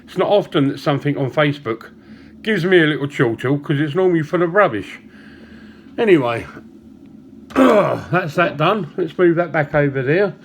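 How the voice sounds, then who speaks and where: A man, chatting to camera and telling a joke, with small pauses and chuckles along the way. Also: fairly high pitch, animated, slight background noise. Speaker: vlogger.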